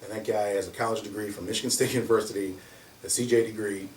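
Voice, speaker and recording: A man tells stories in conversation, animated and quick to laugh. His voice sits back from the microphone and echoes a little around the room. A faint hiss of noise runs behind him. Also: on the low side. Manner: animated, laughs often while telling stories. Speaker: security company owner. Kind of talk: conversational storytelling. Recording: roomy, distant mic, faint noise.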